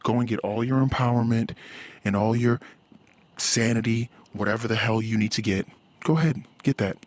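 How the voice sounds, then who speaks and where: A man's voice: on the low side, little pitch movement, normal speed, dry recording. A man recording a personal diary monologue, ranting bluntly and profanely with exasperation. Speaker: anonymous podcast diarist.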